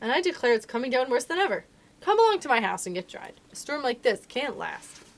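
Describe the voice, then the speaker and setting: Casting: a bustling little doctor, kindly and fussy, brisk and pitched high with big swings, read by a woman. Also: very animated. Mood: cheerful fussy.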